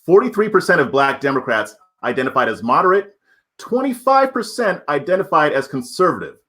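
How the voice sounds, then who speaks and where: A man's voice: a little high, sing-song, fairly quick, a bit bright. A man co-hosting a podcast, making a political argument in casual talk with rhetorical questions. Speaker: podcast co-host.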